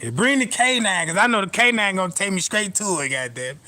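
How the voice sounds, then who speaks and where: A man's voice: high-pitched, lively intonation, brisk, sharp tone. A man telling profane comic stories in a stand-up style, constantly asking "you know what I'm talking about". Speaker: comedian. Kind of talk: stand-up storytelling.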